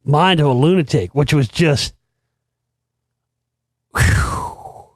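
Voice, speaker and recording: A middle-aged man hosting a show, telling a story in a casual, profane, animated way and laughing as he goes. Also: fairly high pitch, slow pace, no room sound, clean studio sound. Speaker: podcast host.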